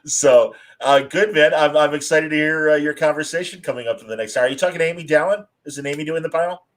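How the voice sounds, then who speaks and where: A man's voice: a little high, fast talker, a bit bright, poor audio. A man hosting a casual live-streamed chat over a video call, talking loosely with lots of fillers. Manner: chatty, many fillers and restarts. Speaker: host.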